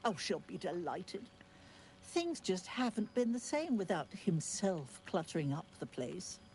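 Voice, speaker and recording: Tara, a doting genteel cat. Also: female voice, on the low side, sing-song, a little slow, a little mellow, a little hiss or hum. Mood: fond. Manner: genteel, affectionate endearments. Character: prim talking female cat, fond and doting. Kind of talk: video game voice acting.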